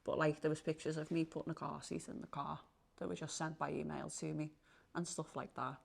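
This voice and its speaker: Woman, middle-aged, lowish pitch, casual, animated storytelling. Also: brisk, vocal fry, breathy edge. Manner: chatty, animated retelling with lots of "you know what I mean". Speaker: guest psychic.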